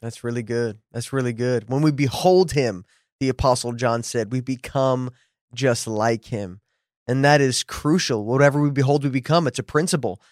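A man's voice: mid-range voice, moderate pace, no echo, studio quality. A man hosting a podcast, chatting casually, affirming his guest and telling a story. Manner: affirming, lots of mm-hmms, storytelling. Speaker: podcast host. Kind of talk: casual conversation.

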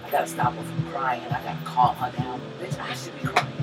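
A woman's voice: rumbling low, fairly quick. Woman, podcast co-host, profane storyteller, heard from a distance, music playing behind. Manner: animated, profane, laughs through the story. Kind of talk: casual storytelling chat.

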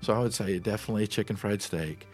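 A man's voice: fairly low pitch, quick pace, a little mellow, faint music behind. A middle-aged man from Nebraska, a guest in a casual interview, telling rambling, easygoing stories about food.

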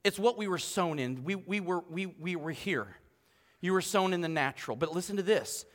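Pastor guy preaching, high bright voice, jokey asides, echoey church hall. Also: moderate pace. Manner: animated, joking asides to the congregation. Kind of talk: sermon. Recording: long church hall reverb.

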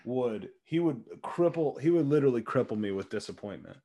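A man co-hosting a casual chat, telling animated stories with frequent laughs and swearing. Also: mid-range voice, fairly quick. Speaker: podcast co-host.

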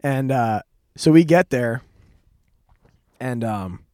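A man's voice: mid-range voice, expressive, slow, warm tone, no echo, studio quality. A man in his twenties telling a rambling story on a casual podcast, full of fillers and restarts. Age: 20s. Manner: rambling, lots of fillers and restarts, laughs often. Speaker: podcast host.

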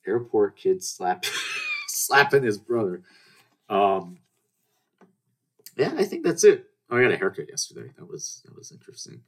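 Husky and lowish, his voice swoops wildly in pitch at normal speed, broken by long pauses. He's a podcast host in his twenties telling stories in a casual, rambling monologue, restarting often and voicing the dialogue.

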